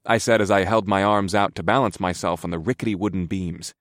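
Man, very low voice, wry grumbling first-person narration, dry close mic. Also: fairly even intonation, a little fast, a bit bright, no room sound. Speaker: audiobook narrator.

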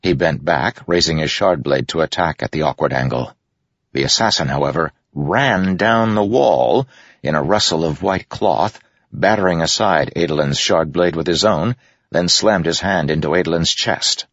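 Very deep gravelly male narrator. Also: moderate pace, fairly bright tone, no room sound. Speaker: audiobook narrator. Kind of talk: scripted fantasy narration. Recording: dull lo-fi audiobook recording.

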